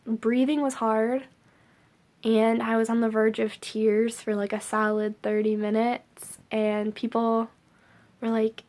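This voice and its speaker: A woman's voice: a little high, flat delivery, measured pace, a little mellow. A young woman vlogging to camera, rambling casually with lots of filler words.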